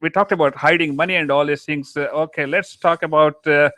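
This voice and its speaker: A man's voice: fairly high pitch, steady tone, a little fast, pushed and bright, dry recording. Chuckling male talk show host. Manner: laughs often, many fillers and restarts. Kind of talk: casual talk show interview.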